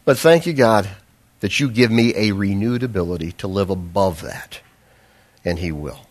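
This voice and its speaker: A man's voice: fairly low pitch, moderate pace. A man preaching a sermon as a pastor, telling a self-deprecating personal story with humor, then pressing his point with earnest, fervent emphasis.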